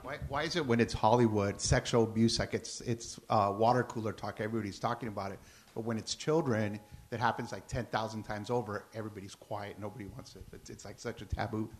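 A man in the audience at a live show, asking a halting question and repeating words as he goes. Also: fairly low pitch, fairly even intonation.

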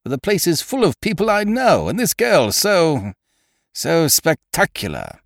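A man's voice: a little high, wildly swooping pitch, a little slow, creaky, no echo, studio quality, voice pushed up, exaggerated voice. A man voicing a fussy, precise young man who frets and wails. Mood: flustered. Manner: fretful, wailing.

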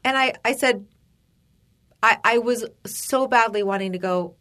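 A woman's voice: on the high side, unhurried, fairly bright tone. A middle-aged woman co-hosting a casual chat show, telling a story animatedly, acting out quotes and swearing freely. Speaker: podcast co-host.

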